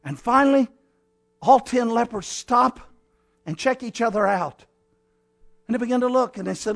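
A pastor with a strikingly high-pitched voice preaches to his congregation. He tells the story like a dramatist, one moment lifting into fervent exhortation, the next dropping low and confiding. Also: normal speed, creaky, long pauses, a bit bright. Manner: dramatic storytelling, acting out scenes; swings between raised exhortation and low intimate asides. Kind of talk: sermon.

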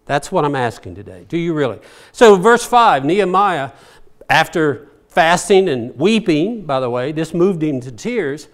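A man's voice: a little high, very animated, unhurried. An older man preaching a folksy, conversational sermon, asking rhetorical questions and chuckling as he goes. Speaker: pastor.

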